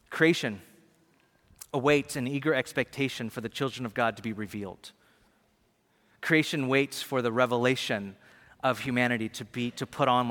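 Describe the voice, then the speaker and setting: A man preaching a sermon in a loose, animated way, with slangy asides and playful acted-out voices. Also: medium pitch. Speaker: pastor. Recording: long reverb of a large hall.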